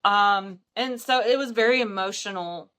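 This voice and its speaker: Bright-voiced chatty woman. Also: mid-range voice, normal speed, clear, resonant tone. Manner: chatty, frequent ums and laughs. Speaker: paranormal investigator, guest. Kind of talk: casual storytelling chat.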